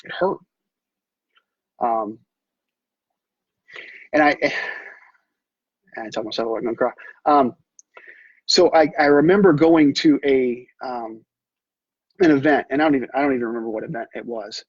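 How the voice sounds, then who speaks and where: A middle-aged man telling his personal story in an earnest, halting way, with many restarts. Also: mid-range voice, breathy edge, no echo. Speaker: realtor. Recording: dull, muffled sound.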